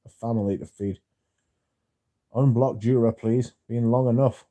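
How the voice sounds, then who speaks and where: A man's voice: medium pitch, fairly even intonation, measured pace, warm tone, no room sound. A man hosting a casual livestream, reading viewer comments aloud and answering them with dry, sardonic banter. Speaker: livestream host.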